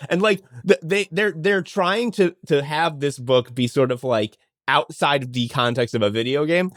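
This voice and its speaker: A man co-hosting a podcast, riffing excitably in casual chat and swearing for emphasis. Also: mid-range voice, moderate pace, few pauses, no room sound, clean studio sound. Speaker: podcast co-host.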